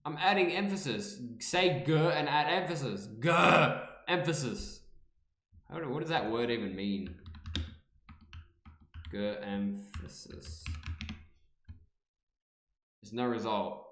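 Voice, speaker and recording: A man's voice: mid-range voice, lively intonation, normal speed, reverberant. A man streaming live and reacting casually, playful, repeating words over and over and swearing freely.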